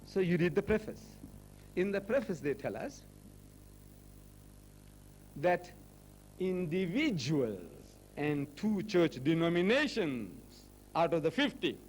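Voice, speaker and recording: Animated man lecturing with a lively voice. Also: high voice, measured pace, slight background noise, poor audio. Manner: animated, mocking, acts out quoted voices. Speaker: religious debater. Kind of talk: public lecture.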